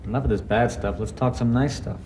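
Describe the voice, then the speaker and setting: A man's voice: mid-range voice, fairly quick, a little mellow, a little hiss or hum, close to an everyday voice. An actor playing a wisecracking male career criminal who talks in a dry, needling way. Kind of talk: film drama acting.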